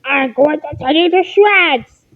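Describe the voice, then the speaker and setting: A woman voicing a hot-tempered chainsaw monster making slow, drawn-out threats. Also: high voice, pitched above the performer's own voice. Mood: threatening. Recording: muffled lo-fi recording with hiss.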